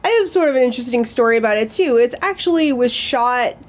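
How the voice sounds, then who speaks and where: A woman co-hosting a casual movie chat, talking quickly and filling her sentences with "like". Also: fairly high pitch, expressive, soft background music. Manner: quick, lots of "like" fillers. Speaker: podcast co-host.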